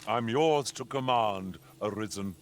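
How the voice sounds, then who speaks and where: A man's voice: on the low side, a little slow, slight background noise, lightly acted. An actor playing a formal, dryly sarcastic male companion in a fantasy video game, with old-fashioned courtly phrasing. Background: game music.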